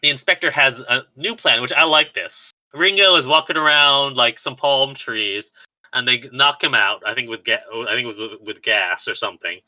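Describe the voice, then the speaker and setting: A man co-hosts a podcast and casually walks through a movie scene by scene, rambling, laughing often, and filling his talk with "like," fillers, and restarts. His mid-range voice is bright and forceful at a normal pace, though the audio quality is poor.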